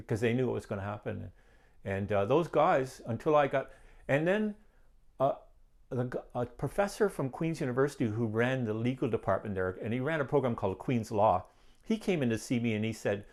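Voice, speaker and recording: An older man telling his personal testimony, animated, acting out the dialogue as he recounts it. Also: mid-range voice, fairly quick. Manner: animated storyteller who acts out quoted dialogue and laughs often. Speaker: guest sharing his testimony.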